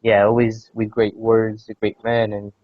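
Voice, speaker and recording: A man's voice: lowish voice, completely flat delivery, measured pace, dry recording, dull audio. A male podcast host chatting casually about football, rambling and repeating his words as he starts sentences.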